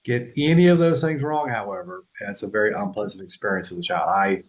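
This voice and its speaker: A man's voice: on the low side, fast talker, rough recording. A man in casual explanatory podcast talk, loose and conversational, swearing, laughing and often checking in with "right?". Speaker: podcast host.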